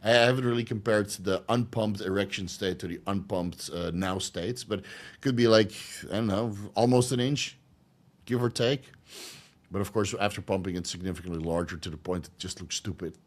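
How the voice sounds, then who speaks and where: A man's voice: on the low side, moderate pace. Rambling crude man answering chat. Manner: rambling, crude, laughs often, many fillers. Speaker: channel host answering live chat questions. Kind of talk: casual livestream Q&A.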